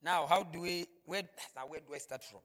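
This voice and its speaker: A man preaching a sermon, swinging between shouted points and hushed storytelling. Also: a little high, brisk. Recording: echoey hall reverb.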